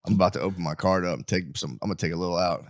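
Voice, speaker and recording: A man's voice: low voice, very fast. A man co-hosting a comedy podcast, chatting casually, joking and acting out quoted voices with frequent laughs. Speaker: podcast co-host.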